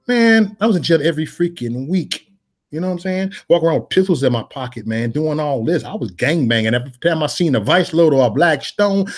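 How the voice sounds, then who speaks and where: A man's voice: medium pitch, husky. A man in his forties with a Chicago accent, preaching in raw street slang with lots of repetition. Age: 40s. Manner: repetitive, emphatic, conversational.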